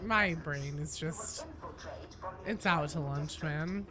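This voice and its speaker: A woman's voice: deep voice, takes it slowly. A woman streaming a game, chatting casually with viewers, joking and swearing in sudden outbursts. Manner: excitable, swears a lot, jokey. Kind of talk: casual gameplay chat.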